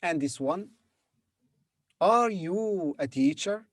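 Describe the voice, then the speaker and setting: Slow, patient male language teacher. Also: sits high, lively intonation, dry recording, studio quality. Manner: patient, sounds out syllables and repeats words. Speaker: Arabic teacher. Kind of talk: slow beginner language lesson.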